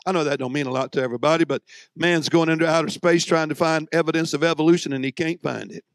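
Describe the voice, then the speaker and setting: A man preaching a fiery sermon, emphatic and folksy, with drawn-out phrases that swing between loud and hushed, plus joking asides to the congregation. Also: fairly high pitch, no echo. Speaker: visiting preacher.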